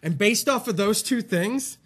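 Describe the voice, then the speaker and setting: High bright-voiced guy hosting a podcast, kinda winded, swears a lot, rambles through stories. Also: animated, a little slow, breathy edge. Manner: profane, rambling storytelling with laughs. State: out of breath. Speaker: podcast host. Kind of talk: casual chat.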